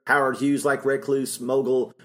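A man's voice: mid-range voice, flat delivery, normal speed, fairly bright tone. Middle-aged man, podcast co-host, chatty, laughs often, recaps plots. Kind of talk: casual film discussion.

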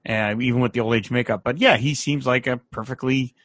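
Fairly quick and mid-range, a podcast co-host casually discusses an old film, animatedly performing quoted lines in different voices. The recording is dry and studio quality.

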